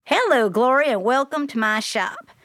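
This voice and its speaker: A flashy, eccentric lady bee seamstress with a thick Southern drawl, as a woman puts her on. She sounds bossy yet kindly, lifted well above a normal speaking pitch. The dry storybook reading has no room around it. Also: sing-song, moderate pace, a bit bright, no room sound. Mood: sassy drawl. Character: glamorous eccentric female seamstress bee, sassy.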